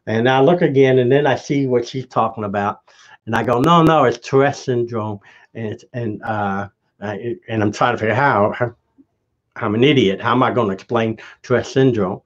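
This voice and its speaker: Male guest, casual storyteller, mid-pitched, muffled lo-fi audio. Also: fairly even intonation, moderate pace. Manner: rambling anecdote with restarts and acted quotes. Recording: dull lo-fi audio.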